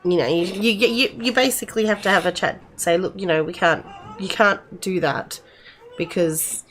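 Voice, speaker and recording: A woman's voice: fairly low pitch, moderate pace, a bit bright, a little hiss or hum. A middle-aged woman, chatting casually with her live-stream viewers in a rambling way, full of restarts.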